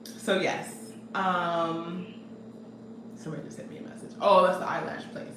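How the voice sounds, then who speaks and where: Young woman, casual vlogger, animated and chatty, recorded from a distance in an echoey room with noise behind. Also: lowish voice, moderate pace. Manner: chatty, animated, reading comments aloud. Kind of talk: casual vlog chat.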